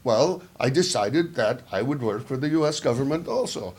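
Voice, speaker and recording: A man's voice: medium pitch, lively intonation, normal speed, darkish tone, husky. A man playing a scheming, wisecracking old spy in an improvised comedy interview, drawling mock-confiding asides. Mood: sly. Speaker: comedian in character.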